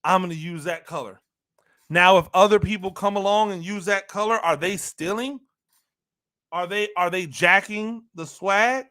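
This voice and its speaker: Male sports-talk host, high bright voice, emphatic, repeats lines for punch. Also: normal speed, clear, resonant tone. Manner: talks to listeners directly, asks rhetorical questions. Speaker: football analyst host. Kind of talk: animated sports talk monologue.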